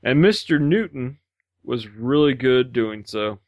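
A man co-hosts a casual podcast and reads out listener feedback in a relaxed manner, laughing easily along the way. His mid-range voice is recorded dry and close, with no room sound around it. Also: medium pitch, unhurried, dry recording. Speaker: podcast co-host.

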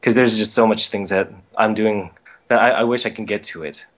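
A man guest on a podcast, chatting casually and telling lively stories in which he acts out the quotes. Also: lowish voice, a little fast. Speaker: voice actor guest. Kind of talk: casual chat. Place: based in Los Angeles.

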